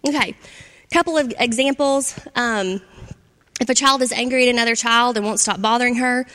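A woman with a fairly high voice gives an instructional talk on parenting to adults. She talks conversationally and often checks in with her listeners. The sound carries a long reverb, like a big hall. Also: moderate pace, fairly bright tone. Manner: conversational, checks in with "right?" and "okay?".

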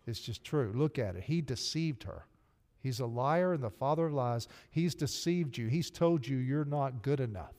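Preaching in a church sanctuary, an Arkansas pastor with a Southern US accent addresses his congregation earnestly and directly. His voice is medium in pitch with a darkish tone. Long hall reverb and faint music are present in the recording.

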